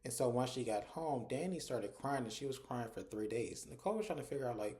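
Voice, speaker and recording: A man with a mellow, warm voice talks through a TV episode in a relaxed, conversational way. He strings the scenes together with "and so" and "like", as if telling a friend what happened. His pitch sits in an ordinary middle range. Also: a little fast. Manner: retells scenes conversationally, often with "and so" and "like". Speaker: TV episode reviewer. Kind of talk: casual episode recap.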